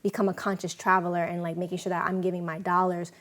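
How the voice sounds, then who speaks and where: A woman from New York, hosting a talk show, telling stories and quoting people in an animated way. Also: fairly low pitch, fast. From New York City. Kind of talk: casual interview talk.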